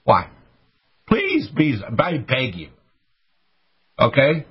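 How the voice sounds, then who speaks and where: Male talk radio host, husky voice, fervent preachy ranter, muffled audio. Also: big pitch swings. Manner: preachy, urgent, rapid rants with sudden high bursts.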